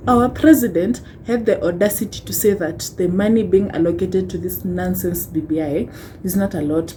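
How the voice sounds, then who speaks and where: A woman's voice: fairly low pitch, dark tone, a little hiss or hum, low-quality recording. A young Kenyan woman with a Kenyan accent ranting on a vlog, impassioned and rhetorical, tagging points with "hmm?" and wry laughs. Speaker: vlogger.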